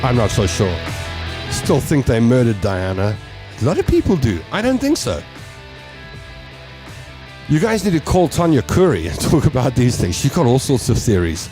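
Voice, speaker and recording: A South African man bantering on talk radio, his pitch bouncing all over as he jokes, laughs and drops Afrikaans phrases. He has a middle-range voice with light guitar music under it. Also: moderate pace, pauses often. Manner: animated, jokey, breaks into voices and laughter; mixes English with Afrikaans. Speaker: radio talk show host.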